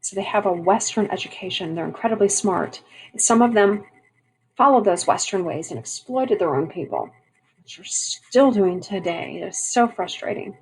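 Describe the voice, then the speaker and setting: A woman's voice: medium pitch, lively intonation, moderate pace, a little mellow, slightly rough, rough recording. A woman teaching a history lesson, switching between reading a passage aloud and explaining it in a chatty way with fillers and restarts. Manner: conversational, frequent fillers and restarts.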